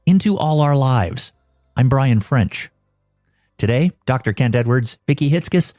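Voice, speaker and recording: A man reading a scripted podcast introduction in a lively, expressive way. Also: medium pitch, no echo, clean studio sound. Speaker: podcast narrator. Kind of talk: scripted narration.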